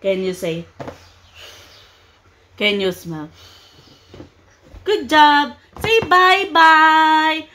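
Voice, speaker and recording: A woman using slow, sing-song baby talk as she coaxes a toddler through words and counting. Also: sits high, bright, forceful tone, a little hiss or hum. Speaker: parent teaching a toddler.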